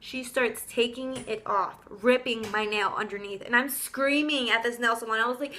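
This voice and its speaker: Young woman vlogger, high and bright, indignant casual storyteller. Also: moderate pace, a little hiss or hum. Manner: animated, indignant, casual slang. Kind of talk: storytime vlog.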